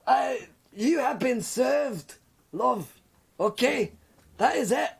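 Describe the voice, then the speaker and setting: A man's voice: extremely high pitch, lively intonation, slow, creaky, slightly rough, voice pushed up, exaggerated voice. A man voicing a brash, foul-mouthed adventurer ranting with swagger. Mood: mocking. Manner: swaggering, swearing rant.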